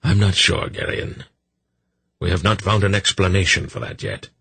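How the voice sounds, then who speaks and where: A man voicing an old male sorcerer in an audiobook, dry and measured, with a gravelly, husky voice. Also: sits low, level tone, bright, forceful tone, no echo, exaggerated voice. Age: older.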